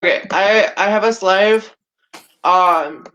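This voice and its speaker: A man's voice: high-pitched, slow pace, bright, forceful tone, highs cut off. A man hosting a casual live-streamed talk show, hesitant and rambling, with lots of fillers and the odd swear word.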